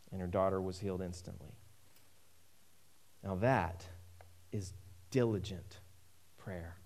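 A man's voice: deep voice, fairly even intonation, slow, long pauses, darkish tone. A man preaching a sermon, emphatic and repeating key phrases for weight.

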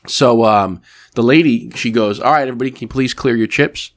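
Fast-talking, profane male podcast co-host. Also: medium pitch. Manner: profane, animated storyteller. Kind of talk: casual storytelling chat.

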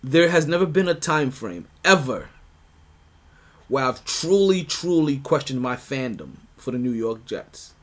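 A man's voice: mid-range voice, very animated, unhurried. A man hosting a sports podcast, talking casually and rambling with restarts, bursts of emphasis and laughs. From United States. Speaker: podcast host.

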